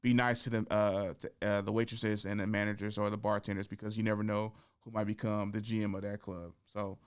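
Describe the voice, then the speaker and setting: A man hosting a podcast, telling comedy-club stories in a casual, animated way, acting out the people he quotes and laughing often. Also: lowish voice, brisk, clear, resonant tone. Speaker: podcast host and stand-up comedian. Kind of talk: casual storytelling chat.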